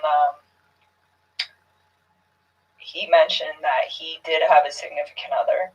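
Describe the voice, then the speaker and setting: A woman answering questions in a recorded police interview, hesitant and soft, often trailing off into near-whispers. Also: low-pitched, vocal fry. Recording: muffled, distant room recording.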